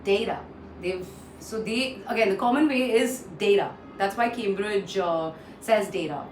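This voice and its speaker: A woman's voice: medium pitch, measured pace, recorded from a distance, faint music behind. A woman giving an online pronunciation lesson. She explains and repeats each word for drill, with frequent "uh" fillers. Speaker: English pronunciation trainer. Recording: roomy echo, off-mic, faint noise.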